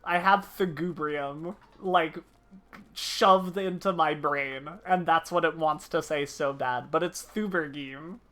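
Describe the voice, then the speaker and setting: A woman's voice: deep voice, slow pace, fairly bright tone. A young woman gaming streamer chatting casually and laughing at herself. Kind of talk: casual live-stream chat while gaming.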